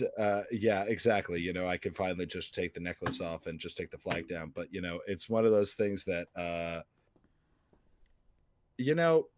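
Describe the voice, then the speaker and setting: A man hosting a podcast in casual chat, rambling and joking with many filler pauses. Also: low voice. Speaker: podcast host.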